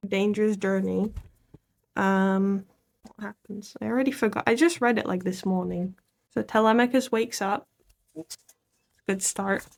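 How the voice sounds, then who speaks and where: A woman's voice: mid-range voice, fairly even intonation, a little slow, vocal fry, pauses often. A woman vlogger casually summarizing a book, rambling and self-deprecating, laughing often as she talks. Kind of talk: casual chat.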